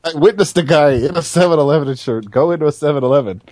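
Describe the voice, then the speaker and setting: A man's voice: a little high, fast talker, darkish tone, no echo. A man co-hosting a podcast, telling anecdotes in casual banter and swearing for laughs. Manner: tells anecdotes, swears for comic effect. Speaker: podcast co-host.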